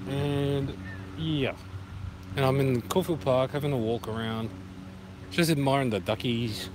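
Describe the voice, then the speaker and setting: A man's voice: mid-range voice, steady tone, unhurried. A man with an Australian accent, walking in a park and chatting casually to a phone camera, rambling and making puns. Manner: rambling and punning, sings along loosely. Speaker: vlogger. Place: outdoor park by a duck pond. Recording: noisy outdoor phone recording. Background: outdoor ambience with passing traffic.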